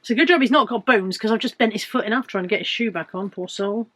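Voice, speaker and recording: A woman's voice: medium pitch, fast talker. A woman in her fifties with a British accent, chatting casually and joking at her own expense as she shows off her finds. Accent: British English. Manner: chatty, self-mocking humour. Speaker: reseller vlogger. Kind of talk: casual chat.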